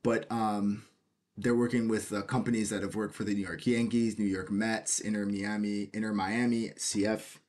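A man's voice: on the low side, flat delivery, moderate pace, darkish tone. An American man chatting casually about cricket news, reading bits aloud and adding jokey asides and questions. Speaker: cricket video host.

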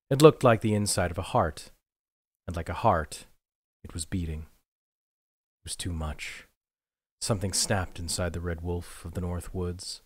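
Low-voiced man narrating a dark novel. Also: dry recording, clean studio sound. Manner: measured, dramatic. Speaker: audiobook narrator. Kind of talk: scripted narration.

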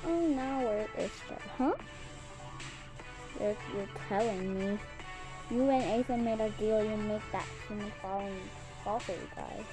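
A woman reading all the parts of a homemade drama, switching roughly between character voices. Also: medium pitch, unhurried, music in the background, rough recording.

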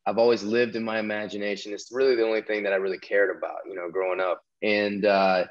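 Low-voiced man rambling. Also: flat delivery, quick pace, muffled recording. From American South. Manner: rambling, many restarts and fillers. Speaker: podcast guest. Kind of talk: casual storytelling interview.

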